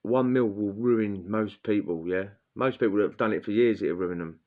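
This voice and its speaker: A man's voice: on the low side, moderate pace. A man telling a blunt, crude prison story in casual slang, acting out what people said. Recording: dull lo-fi sound.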